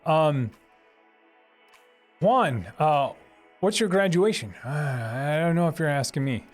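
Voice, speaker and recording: A man's voice: a little high, lively intonation, slow pace, soft background music. A man casually answering viewer questions on a livestream, thinking aloud and laughing easily. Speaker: streamer answering live chat.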